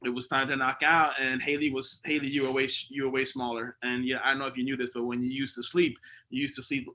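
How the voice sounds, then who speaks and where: A man at a memorial gathering races through lively, informal stories, acting out who said what, laughing freely, and leaning on slang and fillers. His voice is mid-range and fast. The recording is rough, with slight background noise.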